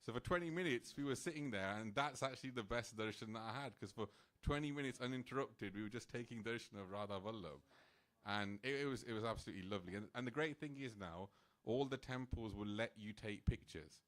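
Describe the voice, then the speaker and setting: At a fairly quick clip, a man with a lowish voice shares a personal story during a temple program. He's animated and relaxed, leaning on "like" and breaking into little laughs.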